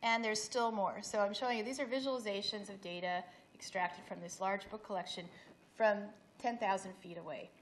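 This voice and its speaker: A woman's voice: mid-range voice, fairly even intonation, fairly quick, a little hiss or hum. A middle-aged woman giving an academic presentation at an event, explaining slides with frequent restarts. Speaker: speaker giving a talk. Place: event hall.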